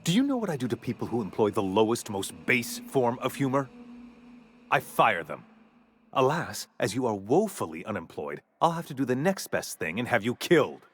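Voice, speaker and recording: A man's voice: medium pitch, sing-song, moderate pace. An actor voicing a haughty, ruthless male corporate executive villain in a video game, speaking with contempt and menace. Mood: menacing.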